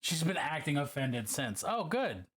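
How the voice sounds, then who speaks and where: Lively, swearing man chatting on stream. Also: fairly high pitch, unhurried, slightly rough. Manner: chatty, profane, greets viewers by name. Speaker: streamer painting miniatures. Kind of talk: casual live-stream chat.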